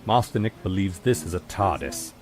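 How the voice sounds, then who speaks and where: A man voicing a prim, dry-witted male butler in a video game, speaking formally and deadpan. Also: sits low, moderate pace, crowd noise.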